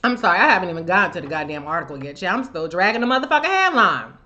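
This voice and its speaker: Woman, bright sharp voice, sassy profane commentary, live stream. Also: lowish voice, very animated, racing, muffled recording. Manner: sassy, emphatic, loose and profane. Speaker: live show host. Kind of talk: profane political commentary monologue.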